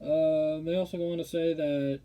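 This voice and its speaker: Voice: medium pitch, steady tone, moderate pace, dark tone, clean tone. A football commentary streamer ranting with indignation in casual talk, often stammering and restarting sentences. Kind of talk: casual opinion rant.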